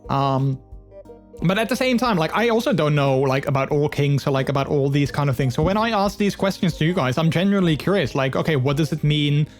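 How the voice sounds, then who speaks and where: A man's voice: a little high, animated, fairly quick, soft background music. A man streaming live, chatting with his viewers in a rambling, earnest way full of fillers. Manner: open and earnest. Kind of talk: casual live-stream chat.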